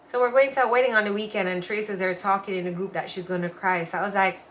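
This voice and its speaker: A woman's voice: medium pitch, fairly even intonation, fast talker, a little hiss or hum. A woman co-hosting a casual live show, chatting and reading viewer comments aloud. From Jamaica. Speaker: co-host of a weekly live show. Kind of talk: casual live-stream chat.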